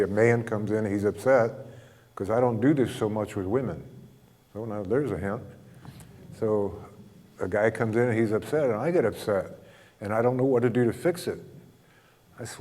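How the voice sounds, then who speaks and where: A man with a mellow, dark voice recounts a counseling session to a gathered group, slipping into both his own lines and his client's as he goes. He talks in a relaxed, chuckling way, and his voice carries a long reverb from a large hall. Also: lowish voice. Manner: relaxed anecdotal storytelling, acts out both sides of dialogue, chuckles often. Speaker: speaker telling a counseling story. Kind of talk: storytelling talk to a group.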